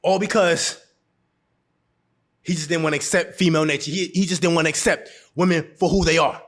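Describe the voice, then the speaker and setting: A man's voice: on the high side, fairly even intonation, brisk, fairly bright tone. A man giving blunt relationship advice straight to camera, laughing often and hammering home his points by repeating them. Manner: repeats phrases for emphasis. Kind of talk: casual advice monologue to camera.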